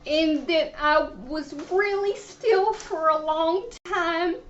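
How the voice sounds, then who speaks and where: A timid, rambling elderly lady on the phone, put on by a woman. Her voice sits very high and crawls along slowly, full of halts and restarts. The line sounds dull and lo-fi. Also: slight background noise. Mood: tearful rambling. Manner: halting, stammering, rambling.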